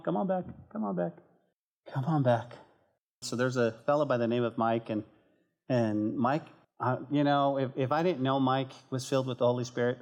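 An earnest male pastor preaching to his church in an easy, conversational way. His voice sits at a middle pitch, and he jumps higher and louder whenever he acts out someone's words or prayers. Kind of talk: sermon.

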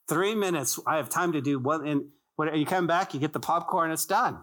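This pastor's voice is a little high, brisk, and fairly bright as he delivers a church sermon. He's emphatic and repetitive, asking rhetorical questions and making jokes and casual asides to the congregation.

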